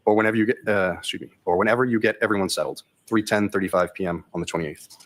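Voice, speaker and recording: Casting note: man on the witness stand, very low voice, quick monotone reading. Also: a little hiss or hum. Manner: flat monotone delivery. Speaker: state trooper testifying in court. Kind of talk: reading text messages into the court record.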